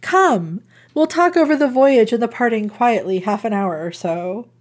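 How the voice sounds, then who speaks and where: A woman doing an aloof, cruel gentleman, reading his lines in a mock-formal way that turns sarcastic. The voice sits somewhat high and plain. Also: expressive, moderate pace.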